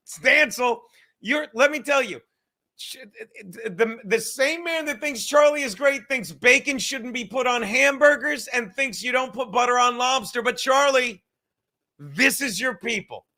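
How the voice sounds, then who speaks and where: High-voiced, bright-toned crude male host. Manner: profane, rambling, self-mocking. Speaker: podcast host reading live chat. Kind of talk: casual crude livestream chat.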